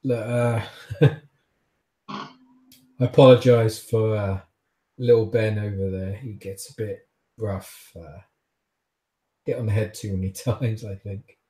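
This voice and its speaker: A man's voice: on the low side, steady tone, slow pace, long pauses, mellow, reverberant. A man playing a weary, dismissive garage boss. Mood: wry. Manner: dry, dismissive, offhand.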